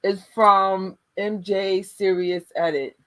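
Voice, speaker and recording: A woman co-hosting a live watch party, reacting in an animated casual way. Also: medium pitch, takes it slowly. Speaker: livestream co-host.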